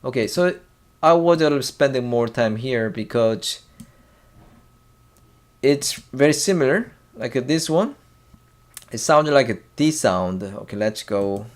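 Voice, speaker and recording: A man with a Korean accent teaching a language lesson in a slow, halting way, pausing often and drilling syllables aloud. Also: medium pitch, expressive. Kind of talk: casual whiteboard lesson.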